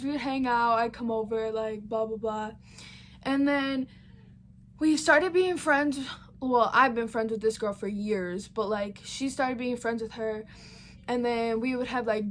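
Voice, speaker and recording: A woman's voice: fairly high pitch, slight background noise. A woman vlogger telling a story in a casual, rambling way, full of fillers and blunt swearing.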